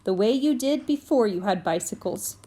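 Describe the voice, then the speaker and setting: A woman's voice: mid-range voice, lively intonation, normal speed, mellow, close to an everyday voice. Woman reading as a doting mother. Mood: firm. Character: loving, worried mother.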